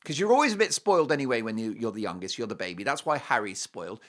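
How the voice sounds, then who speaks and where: A man's voice: medium pitch, very animated, quick pace. A man hosting an opinionated commentary show, speaking in a scornful, sarcastic and emphatic way. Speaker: host.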